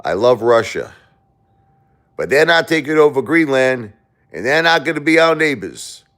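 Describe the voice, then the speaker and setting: A man's voice: mid-range voice, very animated, normal speed, a bit bright, voice pushed up. A man putting on an impression of a blustering male politician, speaking in boastful, emphatic, repeated phrases.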